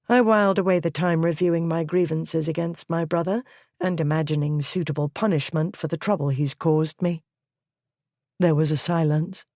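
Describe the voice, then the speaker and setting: Slow, measured audiobook narrator. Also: mid-range voice, a little mellow, no echo, clean studio sound. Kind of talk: scripted romance audiobook narration.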